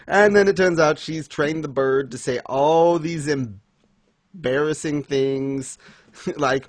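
This man's voice is on the high side and slow, recorded with no room sound. He's a podcast co-host chatting casually about a manga chapter for a review. He's enthusiastic and giggly, laughing frequently as he recaps.

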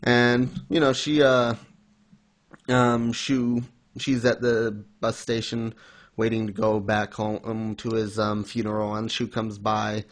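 A man's voice: lowish voice, flat delivery, slow. A man recapping a story in casual chat, rambling with many fillers and restarts. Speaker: podcast host recapping an anime.

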